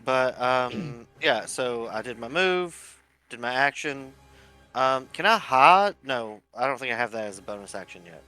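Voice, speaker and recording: A man's voice: mid-range voice, lively intonation, a little slow, bright, forceful tone, smooth, soft background music. A man playing a tabletop game, talking tentatively as he checks the rules. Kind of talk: casual game chat.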